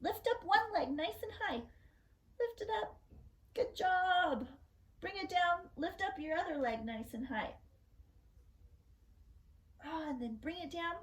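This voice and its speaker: A young woman teaching a kids yoga class in a gentle, playful, encouraging way. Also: very high voice, animated, measured pace, pauses often, rough recording. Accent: Californian.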